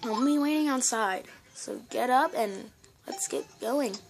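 A woman's voice: fairly high pitch, measured pace, creaky. A woman reading out a bossy young village girl's lines from a video game, in a scolding, nagging tone. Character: bossy young village girl waking a sleepy boy. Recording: loud game music underneath.

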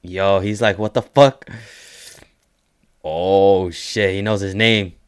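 A young man hosting a reaction video talks in a slow, easygoing way. His voice sits slightly low and comes through smooth and clear. He stays loose and excitable, cursing and laughing as he goes. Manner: excitable, swears a lot, frequent laughter and "yo" exclamations. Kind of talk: casual reaction commentary.

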